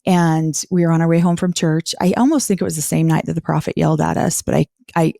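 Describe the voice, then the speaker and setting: A woman's voice: sits low, fast talker, vocal fry, warm tone, no echo, studio quality. A woman guest candidly recounting her own life story in an interview. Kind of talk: personal life story in conversation.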